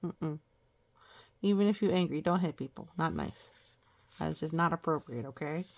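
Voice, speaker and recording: A woman reading old children's rhymes aloud, stopping to gently explain the lessons and pictures. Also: sits low, normal speed, gravelly.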